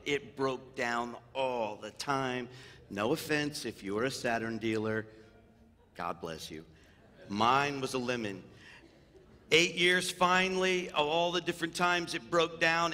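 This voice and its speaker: A male pastor preaching from the pulpit in a bright, forceful voice. His words ring out with a long reverb through the church sanctuary. He tells stories with humor, swinging between loud, lively bursts and soft, tender passages. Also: mid-range voice. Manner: storytelling with humor, growing loud and animated, then hushed and tender. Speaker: senior pastor. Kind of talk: sermon.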